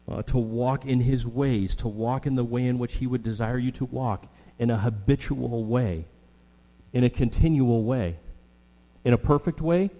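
A middle-aged man preaching a sermon with earnest, drawn-out emphasis and frequent fillers. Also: mid-range voice, warm tone. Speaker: pastor. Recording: long hall reverb with mains hum.

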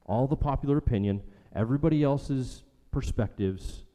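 A man's voice: medium pitch, moderate pace, warm tone. A man preaching a sermon as a pastor, emphatic and rhetorical, repeating his key lines for weight. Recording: long hall reverb.

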